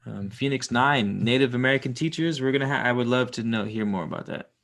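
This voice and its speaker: A man's voice: medium pitch, quick pace, a bit bright. A young man reading a book aloud on a live stream, drifting into rambling, swearing asides and chatting with viewers.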